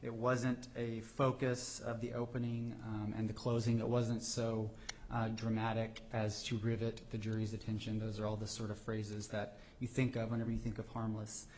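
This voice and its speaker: A man, a government attorney, answering judges in a courtroom oral argument, often pausing with fillers and restarting his sentences. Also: fairly low pitch, monotone, darkish tone, slight background noise. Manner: hesitant, many fillers and restarts.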